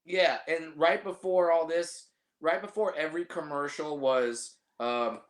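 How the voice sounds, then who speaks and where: A man's voice: on the high side, a little slow. A man hosting a podcast in casual chat, rambling and self-deprecating, restarting his sentences and swearing. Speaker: podcast host.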